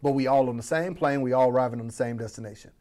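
A man from Florida coaching on business, talking to the audience as family with a playful, animated delivery. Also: mid-range voice, very fast. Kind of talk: energetic motivational teaching.

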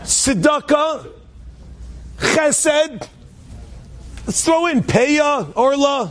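A man's voice: extremely high pitch, animated, very slow, background noise. A man telling an inspirational story in a conversational way, restarting sentences often and dropping in Hebrew and Yiddish words.

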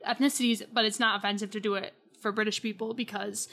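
A woman's voice: medium pitch, little pitch movement, fast, vocal fry, a bit bright. A young woman co-hosting a casual podcast, wryly recapping episodes from her notes. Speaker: podcast co-host. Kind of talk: casual chat recapping a reality show.

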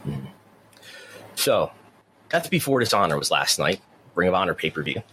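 A man's voice: sits low, big pitch swings, normal speed, sharp tone, a little hiss or hum. A man co-hosting a casual wrestling news talk show, rambling with frequent restarts. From near the US–Canada border. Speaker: podcast co-host.

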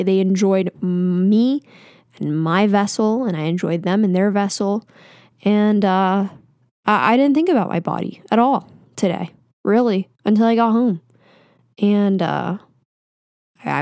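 A woman's voice: medium pitch, mellow, dry recording, clean studio sound. A woman in her twenties hosting a casual solo podcast, talking candidly and self-deprecatingly with lots of fillers. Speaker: podcast host. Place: home. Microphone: podcast microphone.

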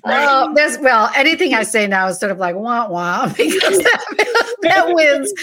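A woman's voice: sits high, measured pace. A woman co-hosting a casual online chat show, telling stories with frequent laughter. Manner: animated, laughing storyteller. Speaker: co-host.

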